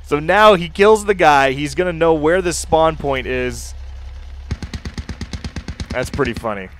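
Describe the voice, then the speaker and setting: A man's voice: a little high, measured pace. A man livestreaming a game, chatting and laughing as he explains what the players are doing. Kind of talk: live gameplay commentary. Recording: loud game noise with gunfire behind. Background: game sounds, vehicles and gunshots.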